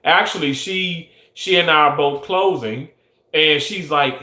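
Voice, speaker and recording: Man, young adult, emphatic, restarts often, slightly high voice, roomy echo. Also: a little slow, pushed and bright. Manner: earnest, emphatic, many restarts. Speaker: surgical technologist. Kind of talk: casual monologue. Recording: echoey room.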